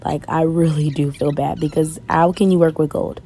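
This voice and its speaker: A woman's voice: low voice, flat delivery, normal speed, warm tone, a little hiss or hum. A young adult woman giving a chatty, self-mocking voice-over. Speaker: co-host. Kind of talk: casual voice-over.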